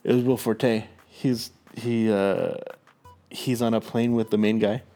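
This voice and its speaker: A man's voice: fairly low pitch, fairly even intonation, measured pace, dark tone, soft background music. A young man chatting casually as a podcast co-host, rambling, swearing and laughing through his stories. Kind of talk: casual chat.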